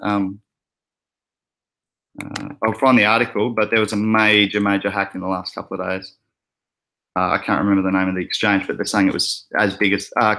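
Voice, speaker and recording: A man's voice: on the low side, sharp tone. An Australian man hosting a casual livestream, rambling and chatty with frequent fillers and laughs. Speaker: crypto channel host.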